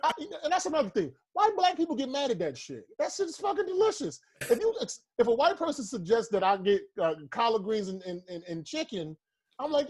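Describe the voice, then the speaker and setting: Co-hosting a podcast, an American comedian riffs loosely in casual, profane banter, rambling as he goes. His husky, darkish voice sits a little high for a man, talks fast with big pitch swings, and jumps into mocking voices when he tells a bit.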